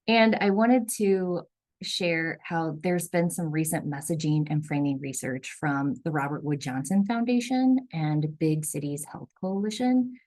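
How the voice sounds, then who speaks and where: Low-voiced woman leading a workshop. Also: measured pace, dry recording, rough recording. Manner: relaxed, with frequent ums. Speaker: workshop facilitator. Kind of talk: online workshop presentation. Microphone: video call.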